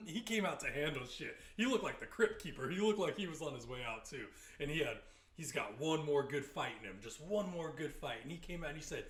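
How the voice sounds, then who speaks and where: A man's voice: fairly high pitch, lively intonation, a little fast, echoey room. A man hosting a casual reaction video, laughing often, cursing, and mocking the people he watches.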